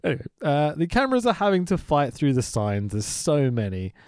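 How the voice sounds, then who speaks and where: This slightly high, sing-song male voice is brisk, clear and resonant, recorded in a clean studio with no room sound. He co-hosts a casual podcast recapping a wrestling show, joking, laughing often and reading aloud from his notes.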